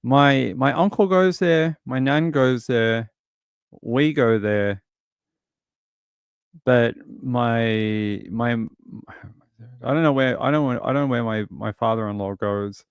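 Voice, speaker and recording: A man's voice: mid-range voice, slow, pauses often, smooth, dry recording. Rambling Australian man, dry sound. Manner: rambling, chatty storytelling. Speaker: livestream host. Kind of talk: casual chat answering viewers.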